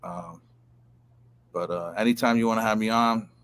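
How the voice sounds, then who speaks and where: A man with a lowish, slightly bright voice and a clean tone speaks at a moderate pace. He's a guest storyteller in a casual chat, spinning profane, rambling stories and restarting often.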